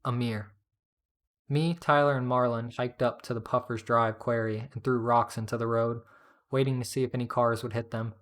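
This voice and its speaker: A man narrating a first-person story in a steady, plain reading voice. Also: medium pitch, normal speed.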